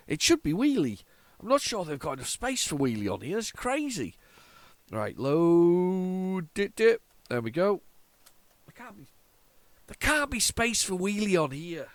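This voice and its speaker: Casual male gaming host, congested, chatty and rambling, mid-range voice, faint noise bed. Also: medium pitch. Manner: rambling, chatty, frequent restarts and repeated words. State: congested, stuffy nose. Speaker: retro gaming channel host. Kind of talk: casual gameplay commentary.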